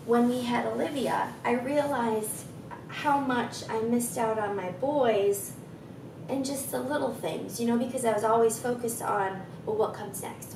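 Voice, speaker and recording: A woman's voice: a little high, measured pace, vocal fry, reverberant, far from the mic. A woman in her thirties with a froggy, scratchy throat, guiding a stretching routine and chatting encouragingly between cues. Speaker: fitness instructor. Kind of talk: guided stretching with chatty asides.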